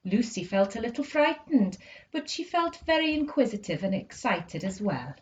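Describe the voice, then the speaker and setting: Lively woman reading a storybook. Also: fairly high pitch, moderate pace. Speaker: school reader. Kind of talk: reading a children's book aloud. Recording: dull lo-fi recording.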